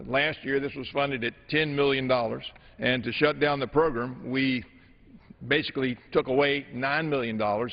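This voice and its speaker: A man managing a floor debate as a legislator, speaking in a measured, halting way with many filler pauses. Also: medium pitch. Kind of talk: formal floor debate speech. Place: large legislative chamber. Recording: dull audio in an echoing chamber.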